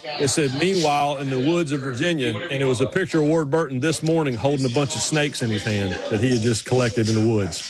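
A man's voice: medium pitch, fast talker, crowd noise. A man with a Southern US accent from North Carolina, co-hosting a radio show in playful, rambling banter. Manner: playful, rambling, lots of restarts. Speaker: co-host.

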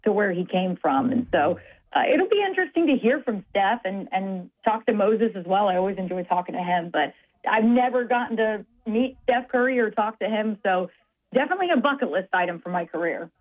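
A woman's voice: mid-range voice, lively intonation, brisk. A woman reporter, chatting casually on the radio in a self-deprecating, chatty way. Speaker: sports reporter. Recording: tinny phone line.

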